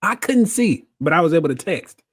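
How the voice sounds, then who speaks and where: A man telling his story in a casual chat, animated and laughing often as he acts out what people said. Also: on the high side, a little fast, breathy edge.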